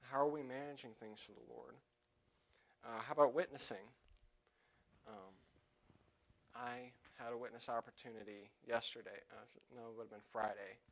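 A young man preaching a sermon in church, loud when quoting scripture and quieter and halting in his personal asides. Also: medium pitch, fairly even intonation. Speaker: lay preacher.

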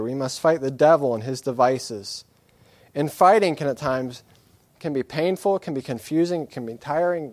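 The sermon comes in a medium-pitched, darkish voice, recorded dry. He is earnest and candid throughout, using repeated phrases to drive points home and poking fun at himself now and then.

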